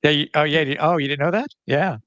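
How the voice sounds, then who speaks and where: A man's voice: fairly high pitch, quick pace, a bit bright, no room sound, lo-fi sound. A man hosting a sports podcast in casual chat, talking loosely with frequent restarts and fillers. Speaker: podcast host.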